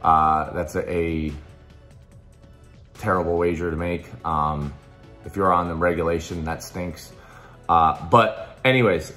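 A man giving sports betting picks in a casual promotional pitch, hyped and pushy, full of fillers and restarts, his voice a little hoarse. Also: a bit bright. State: slightly hoarse.

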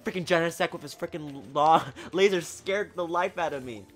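A man giving excitable live commentary while playing a video game, talking at the screen and swinging from low mutters to sudden shouts. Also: normal speed, faint music behind. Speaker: gaming channel host.

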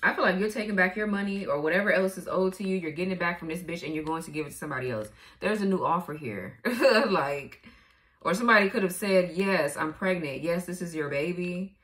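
Brief: woman tarot reader, lower-set voice, salty and blunt, quick laughs and sudden leaps in pitch. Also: a bit bright. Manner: blunt, profane, laughs often. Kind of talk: casual tarot reading.

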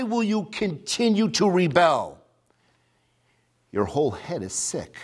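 A man preaching a sermon, reading scripture aloud and swinging between loud emphatic declaration and hushed, near-whispered asides. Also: sits high, huge pitch swings, slow pace, pauses often, slightly rough.

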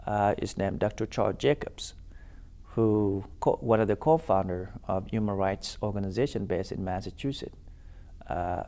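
A man in his thirties with a low, gravelly voice. He speaks as an interview guest, in a deliberate, halting way with pauses and filler sounds. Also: darkish tone. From South Sudan. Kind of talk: interview storytelling.

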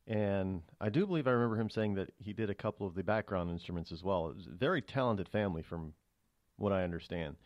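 A man's voice: low-pitched, fast talker, no room sound, lo-fi sound. Rambling male radio host, dry studio sound. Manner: rambling, many fillers and restarts; grows heated and emphatic on politics. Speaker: radio talk show host. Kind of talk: solo talk radio commentary.

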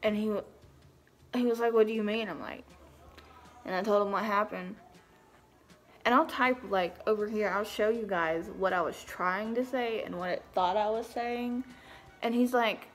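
A woman's voice: mid-range voice, a little slow, pauses often, fairly bright tone. A young woman with a thick Southern country accent chatting casually at home about her day. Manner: chatty, drawling, self-deprecating. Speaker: vlogger. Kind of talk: casual chat.

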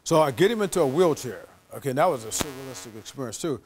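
A man giving a lecture as an animated storyteller, acting out the voices of the people in his anecdote. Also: medium pitch, fast, a little hiss or hum. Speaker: guest lecturer.

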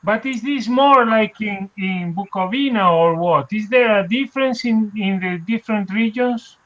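A man's voice: high voice, normal speed, fairly bright tone, muffled recording. A man who often stops and repeats words, taking part as student and organizer in an online language lesson. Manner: hesitant, restarts and repeats words.

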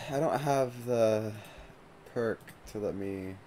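A man's voice: on the low side, slow pace, warm tone, slight background noise. A man streaming a video game live, chatting casually and swearing freely as he plays. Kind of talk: casual live gameplay commentary.

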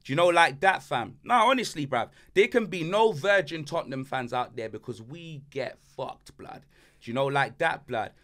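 A man's voice: on the high side, animated, normal speed, fairly bright tone. A man hosting a casual banter podcast, ranting animatedly in heavy slang. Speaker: podcast host.

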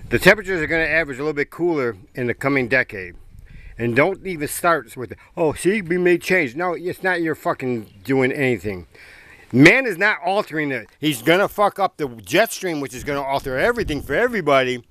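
A man's voice: on the high side, expressive, fairly quick, a bit bright, dry recording. A man ranting angrily outdoors in the wind, swearing hard and mocking his opponents in a sneering voice. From United States. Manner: furious, profane, sneering mockery. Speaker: vlogger. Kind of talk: angry outdoor rant to camera.

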